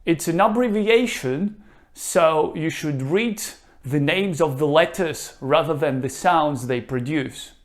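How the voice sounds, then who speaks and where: A man teaching a reading lesson, pronouncing each word slowly and leaving gaps for the listener to repeat. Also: on the high side. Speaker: Russian language teacher. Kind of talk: slow, careful language lesson.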